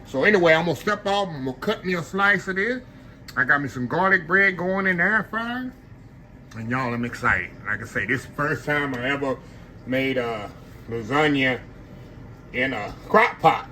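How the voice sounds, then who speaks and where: A chatty man talks straight to his viewers as he cooks at home. His voice is bright and a little high. A faint hiss runs under the recording. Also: expressive, normal speed. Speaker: home cook. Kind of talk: casual cooking vlog.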